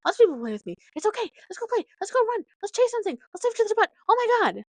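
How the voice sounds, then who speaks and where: Lady putting on a squeaky little hyper dog girl, way up high and pushy, dry close sound. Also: very animated, racing, darkish tone, dry recording, exaggerated voice. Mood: hyper pleading. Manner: squeaky, insistent, overexcited.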